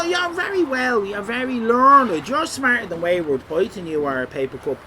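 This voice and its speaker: A man's voice: fairly high pitch, noisy background. A man giving rambling, teasing live-stream commentary over a city walk. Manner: jokey, rambling, teasing chat.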